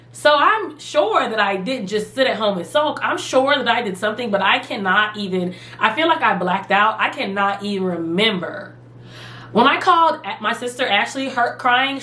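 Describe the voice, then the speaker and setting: Woman, young, casual storytime, animated, echoey room. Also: a little high. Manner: animated, dramatic retelling with quoted voices. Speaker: vlogger. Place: room at home.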